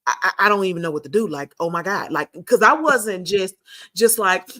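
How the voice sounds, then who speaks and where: A middle-aged woman hosts a casual chat. She tells her story with feeling, stumbling and restarting as she goes. Her voice sits at an ordinary pitch for a woman. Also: fairly quick, fairly bright tone. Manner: emotional storytelling with many restarts. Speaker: podcast host.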